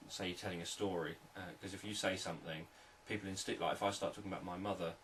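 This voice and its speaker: A man, a hypnotherapist, explaining sales techniques in a calm, repetitive, unscripted teaching talk. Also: low voice, fast, far from the mic, slight background noise, rough recording.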